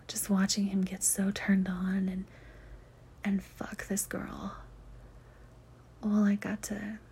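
A woman from the Southern United States whispers her answers to listener questions in a breathy, airy voice. Her tone is mellow and soft, never sharp. She talks candidly and casually, with loose ums and soft laughs. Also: mid-range voice. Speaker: erotic audio creator.

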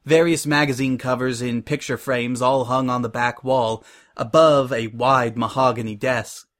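A man narrating a fan-fiction story in a steady reading voice. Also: medium pitch, normal speed.

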